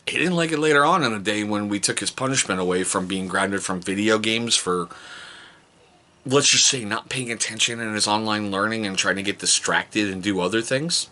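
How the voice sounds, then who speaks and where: A middle-aged man telling stories about his kids in a casual, joking vlog. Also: normal speed. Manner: animated, jokey, mimics his kids in high voices. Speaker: vlogger, father.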